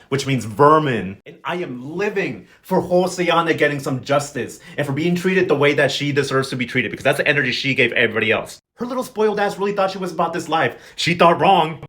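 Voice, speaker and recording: A man's voice: on the high side, fairly quick, few pauses, fairly bright tone. A man giving a casual telenovela recap, sassy and slangy, telling the story with dramatic flair. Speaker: recap vlogger.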